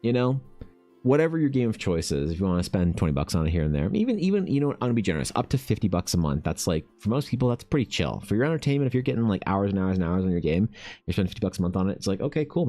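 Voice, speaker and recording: A man streaming while he paints, chatting casually and ranting with animated swearing. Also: low-pitched. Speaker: artist streamer.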